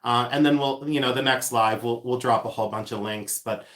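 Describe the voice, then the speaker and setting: Selling vintage jewelry on a casual livestream, a man speaks briskly in a mid-range, slightly bright voice with fairly even intonation. He reads viewer comments aloud and rambles, laughing and saying um a lot, in an echoey room.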